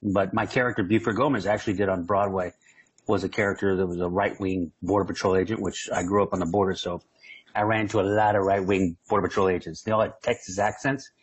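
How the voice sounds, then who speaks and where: A man from San Diego talks as a comedy guest, spinning animated, joking stories in a relaxed interview. His voice sits somewhat low with a husky, slightly rough edge. He rambles and restarts as he goes. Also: fast talker, poor audio. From San Diego, California. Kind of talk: casual interview storytelling.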